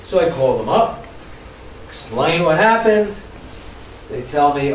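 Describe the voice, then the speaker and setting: A man with a voice on the high side takes his time, pausing often, while he gives a training workshop lecture. He animates his stories and asks the audience questions; the mic sits far off in an echoey room, with slight background noise.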